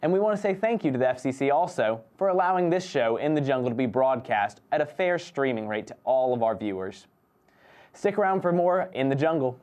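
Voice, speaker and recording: A man's voice: mid-range voice, expressive, brisk, darkish tone. Young male comedy host, sarcastic, mock-dramatic storyteller, mid-range voice. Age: 20s.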